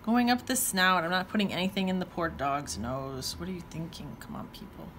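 A woman's voice: lowish voice, fairly quick, a bit bright, a little hiss or hum. A woman teaching watercolor, talking casually while she paints and thinking aloud with playful exclamations. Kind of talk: painting demonstration talk-along.

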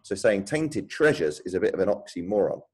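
A man's voice: low voice, very animated, a little fast, a little mellow, breathy edge, poor audio. A man, a primary school teacher thinking aloud and explaining as he types a writing lesson for children.

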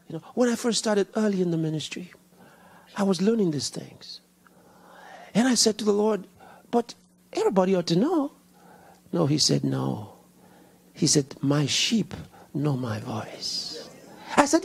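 A male pastor preaching a sermon, swinging from loud rhetorical questions to hushed whispers and repeating key lines with slow, deliberate emphasis. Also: sits high, creaky, slightly rough. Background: congregation answering and laughing.

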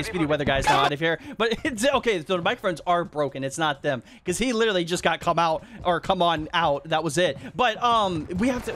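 A man hosting a game video, commentating his play and reacting with quick bursts of loud disbelief. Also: high voice, a little hiss or hum. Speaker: YouTube gaming host. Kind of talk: gameplay commentary.

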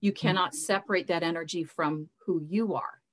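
A woman's voice: lowish voice, fairly even intonation, normal speed, poor audio. Earnest woman musing on spirituality. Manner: earnest, repeats words while searching for phrasing. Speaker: spiritual mentor, guest. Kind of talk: casual interview talk.

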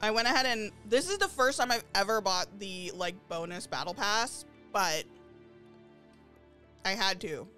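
A woman streaming a game live, chatting to her viewers and gushing excitedly over new items. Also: medium pitch, measured pace. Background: faint game lobby music.

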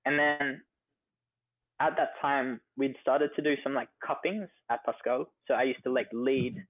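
A man's voice: mid-range voice, steady tone, moderate pace, no echo. Chatty Australian man, tinny phone-like sound. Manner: chatty, many fillers like "like" and "you know". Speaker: guest, coffee entrepreneur. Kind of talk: casual interview storytelling. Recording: dry phone-like audio.

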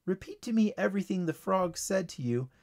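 A self-assured young schoolgirl in a storybook, lifted higher in pitch and delivered matter-of-factly, as a man puts her on. The inflection moves around a lot, with a gravelly texture. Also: lively intonation, a little fast, darkish tone. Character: confident, truthful young schoolgirl. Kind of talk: storybook reading.

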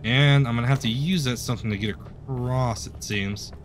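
A man's voice: mid-range voice, normal speed, a little hiss or hum. A man giving chatty, joking commentary while playing a video game, talking to himself. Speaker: let's play host. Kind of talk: gameplay commentary.

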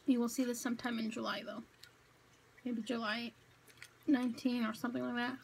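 A young woman talks to her viewers from home in a relaxed eat-with-me vlog. Her voice sits a little high, and she rambles with plenty of fillers and self-corrections. A faint hum of the room runs under her voice. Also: brisk, vocal fry, rough recording. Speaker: vlogger. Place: home, indoors.

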